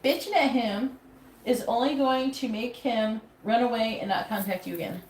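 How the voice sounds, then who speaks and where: A woman's voice: on the high side, normal speed, darkish tone. Woman, tarot reader, blunt, swears freely, casual advice, echoey room, faint hiss. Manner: blunt, profane, advice-giving. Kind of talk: live-stream tarot reading.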